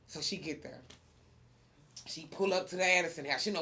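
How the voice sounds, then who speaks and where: A woman hosting a podcast, telling a story in casual chat, animated and laughing often. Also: fairly low pitch, a little fast. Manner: animated storyteller, laughs often, gets loud when excited. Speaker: podcast host.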